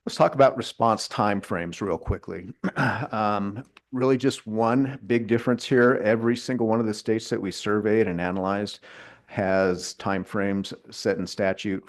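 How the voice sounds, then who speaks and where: A man, an agency official, giving formal testimony to a legislative committee in a hearing room, measured and deliberate, stressing key words. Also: lowish voice.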